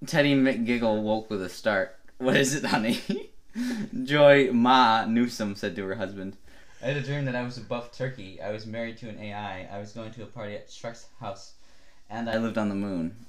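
A man co-hosting a comedy podcast, reading absurd fan fiction aloud in a mostly flat voice and often breaking into laughter. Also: on the low side, moderate pace.

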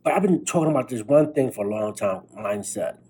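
Young male podcast host, husky and mellow, tired late-night swearing pep talk. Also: lowish voice, expressive, fairly quick, low-quality recording. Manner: blunt, profane, fired-up pep talk. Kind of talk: motivational monologue.

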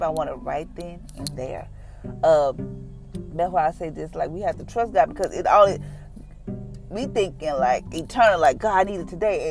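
A woman talks through a personal testimony, speaking plainly and conversationally as she retells what people said to her. She moves into an earnest prayer. Faint music plays softly behind her. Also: on the low side. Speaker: mother sharing a testimony.

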